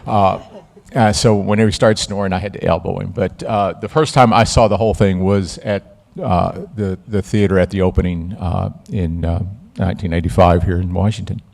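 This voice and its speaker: A man recalling his film camera work on a live panel, talking haltingly with many fillers and restarts. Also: sits low, steady tone, gravelly, darkish tone. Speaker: panel guest, former camera operator. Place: museum event stage.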